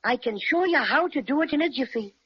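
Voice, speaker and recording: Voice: high-pitched, animated, a little fast. An actor playing a small, cheerful male teddy bear with an Irish lilt, chatty and fond of mock-ferocious growls, in 1930s radio drama acting. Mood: cheery. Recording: muffled 1930s radio recording.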